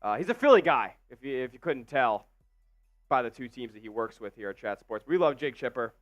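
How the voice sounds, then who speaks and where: A man's voice: medium pitch, expressive, a little fast, no room sound, faint music behind. A man co-hosting a live sports stream, joking around and reading viewer comments aloud. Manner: jokey, reads chat messages aloud. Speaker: stream co-host. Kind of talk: casual live stream chat.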